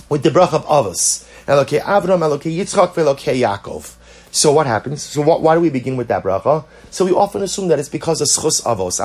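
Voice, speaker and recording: A man's voice: a little high, darkish tone, slightly rough. A man teaching a Torah lecture, emphatic and repetitive, asking rhetorical questions. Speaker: rabbi.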